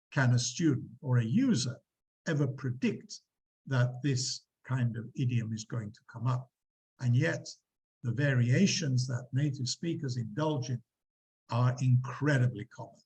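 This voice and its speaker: A man lecturing a university class, explaining examples with animated emphasis and quizzing students. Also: mid-range voice, unhurried, low-quality recording. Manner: lively, quizzing students, acting out quotes.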